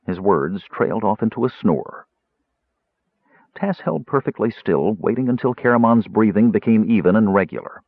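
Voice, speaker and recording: A man giving a dramatic, lively narration of a fantasy audiobook. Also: on the low side, moderate pace, slightly rough, dry recording. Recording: tinny phone-like dry recording.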